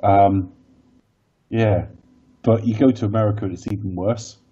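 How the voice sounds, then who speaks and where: A man's voice: fairly low pitch, steady tone, warm tone, dull audio, a little hiss or hum. An English man co-hosting a podcast, in a casual, rambling, joking chat. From Britain. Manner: bawdy, rambling, quick to joke. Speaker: podcast co-host.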